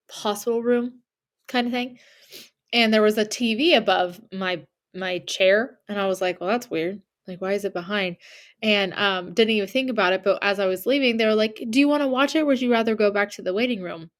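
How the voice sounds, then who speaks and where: A woman's voice: mid-range voice, moderate pace. A young woman co-hosting a podcast, telling a story in casual chat and acting out the people in it. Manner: animated retelling with quoted voices and laughter. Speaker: podcast co-host.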